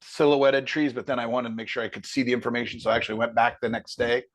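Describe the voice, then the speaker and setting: A man teaching a painting class in a casual critique, easygoing and joking, thinking aloud with plenty of pauses and fillers. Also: mid-range voice, steady tone, slight background noise. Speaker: painting instructor.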